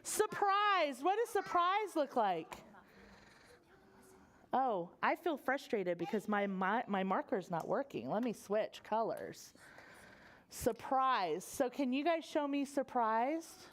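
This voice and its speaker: A young woman, a children's librarian, reading a picture book aloud to preschoolers in an animated sing-song voice and asking them questions. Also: on the high side, takes it slowly.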